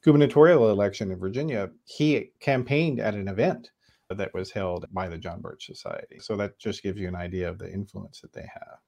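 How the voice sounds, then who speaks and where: A man's voice: on the low side, brisk, vocal fry, dark tone. A man hosting a podcast interview, talking through ideas in a conversational, thinking-aloud way. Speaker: podcast host.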